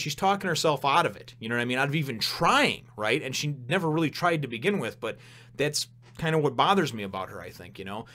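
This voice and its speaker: A man's voice: mid-range voice, sing-song, fast talker, pushed and bright. A man giving a casual review who rambles, chuckles often and fills his talk with "you know". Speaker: comic book reviewer. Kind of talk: casual chat.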